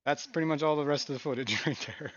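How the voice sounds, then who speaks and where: A man hosting a casual live stream from his fish room, talking in a relaxed, rambling way with frequent chuckles. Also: on the high side, fast, highs cut off, a crowd in the background. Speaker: aquarium stream host.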